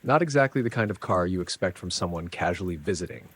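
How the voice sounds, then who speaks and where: A man with a low, husky voice reads a first-person story aloud. He tells it dramatically and conversationally, dropping casual asides to the listener. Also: lively intonation, fast talker. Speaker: narrator.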